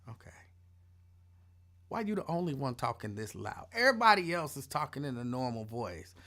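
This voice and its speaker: Medium in pitch and moderate in pace, a man runs his own live show with a casual, rambling rant. He tells stories in an animated, playful, colloquial way, repeating phrases to drive them home.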